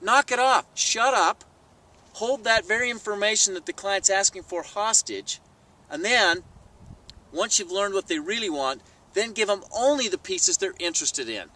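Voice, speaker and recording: A man telling a sales story to camera in a vlog, animated and acting out the people he quotes. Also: high voice, normal speed, distant mic, low-quality recording. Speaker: sales trainer. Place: outdoors.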